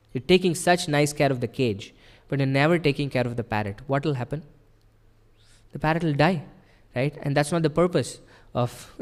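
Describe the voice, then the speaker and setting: A temple speaker's medium-pitched male voice fills a large hall as he gives a heartfelt devotional sermon. Earnest and explanatory, he walks his audience through each point with patience, frequently asking "right?" to make sure they're following.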